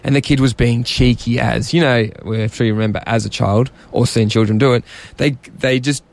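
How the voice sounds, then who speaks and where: A man's voice: mid-range voice, steady tone, a little fast, vocal fry. A young man, casually telling a story on a chat show in a rambling, self-mocking way. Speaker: podcast co-host telling a story.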